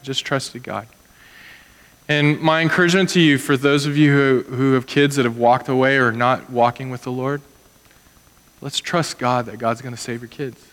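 A man's voice: mid-range voice, steady tone, normal speed, fairly bright tone. A man preaches a Sunday sermon in a church sanctuary, earnest and conversational. He slips into the voices of the people in his stories as he tells them. His voice rings with the long reverb of a large hall. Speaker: pastor.

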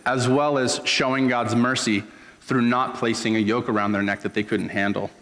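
A man's voice: medium pitch, fairly bright tone, long reverb tail. A man preaching a sermon as a pastor, in an earnest, conversational storytelling manner.

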